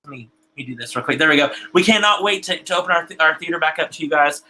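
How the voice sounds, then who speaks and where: A bright-voiced man, a little high and animated, hosts an online theater broadcast and reads viewer comments on a live stream. He talks at a racing pace, chatty and emotional, repeating words often, and the recording quality is low.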